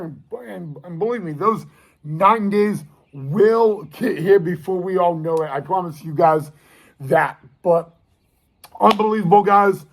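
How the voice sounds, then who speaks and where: Young guy fan vlogger, high-ish voice, takes his time, keeps saying "guys", all eager. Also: a little slow, slight background noise. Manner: keeps calling the viewers "guys", eager and excitable. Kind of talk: casual direct-to-camera talk.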